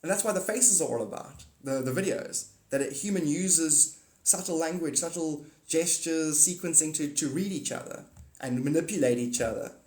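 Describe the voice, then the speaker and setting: A man's voice: on the high side, moderate pace, a little mellow, roomy sound. A man hosting a casual livestream, talking to viewers in a rambling, blunt and profane way. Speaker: livestream host.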